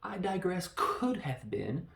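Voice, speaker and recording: Gravelly man rambling in a roomy room. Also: high-pitched, very animated, slow pace, fairly bright tone. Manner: joking, self-deprecating, loose. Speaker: podcast host reviewing a film. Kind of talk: casual rambling film review. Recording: roomy echo.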